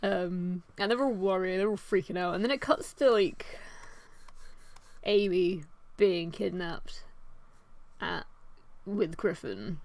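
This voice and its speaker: Young woman, casual drawing chat, rambling, swears a lot, slow pace. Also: fairly low pitch, no room sound. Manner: rambling, swears often, laughs at herself. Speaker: artist and vlogger.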